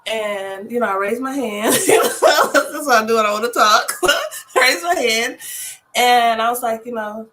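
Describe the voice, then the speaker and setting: A woman's voice: a little high, unhurried, sharp tone. A woman co-hosting a casual chat, loose and conversational, laughing often. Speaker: co-host.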